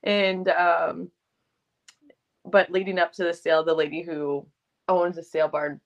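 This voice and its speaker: Woman podcast co-host, slightly low voice, animated storyteller who acts out the quotes. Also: unhurried, creaky, dull audio. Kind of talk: casual storytelling chat.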